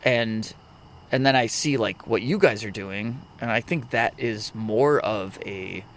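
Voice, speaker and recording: Reflective podcast host, low voice. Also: male voice, a little hiss or hum. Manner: reflective, halting, many restarts. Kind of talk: casual podcast chat.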